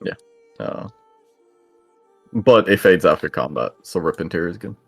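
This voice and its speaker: A man's voice: low voice, expressive, unhurried, vocal fry, husky, faint music behind. A man chatting casually as a player in a tabletop game, joking and swearing loosely.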